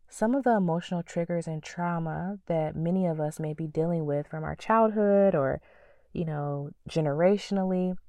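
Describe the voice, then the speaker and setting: Low, mellow-voiced woman podcast host. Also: no echo, clean studio sound, recorded from a distance. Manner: earnest, preacherly, with soft whispered prayers. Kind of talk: faith-based podcast teaching.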